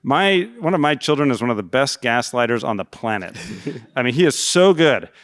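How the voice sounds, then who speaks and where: A man's voice: medium pitch, expressive, moderate pace, fairly bright tone, dry recording, studio quality. A middle-aged man who wrote a book, speaking as a guest in an onstage fireside chat at a conference. He explains things earnestly and uses examples. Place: conference stage.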